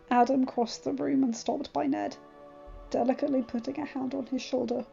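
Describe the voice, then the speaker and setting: Mellow woman reading a story aloud. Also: sits high, normal speed, creaky, husky. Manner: expressive, dramatic reading. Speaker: fanfiction reader. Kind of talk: scripted narration. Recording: dull lo-fi with faint music.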